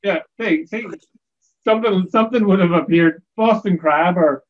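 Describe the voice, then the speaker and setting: Podcast host, man, fairly high voice, wry amused storyteller, slightly muffled recording. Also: normal speed. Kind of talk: casual podcast chat.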